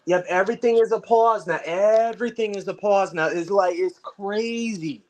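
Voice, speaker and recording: A man with a somewhat higher voice than most men, hosting a casual online talk. He rambles, circles back to the same points and swears now and then. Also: normal speed, a little mellow. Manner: rambling, repeats himself, swears. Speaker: panel host. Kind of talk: casual panel discussion. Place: online video call.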